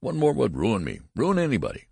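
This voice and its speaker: A man's voice: deep voice, animated, takes it slowly, no room sound, studio quality, heavily acted. A man voicing an irritated elderly family doctor who speaks sharply and cuttingly.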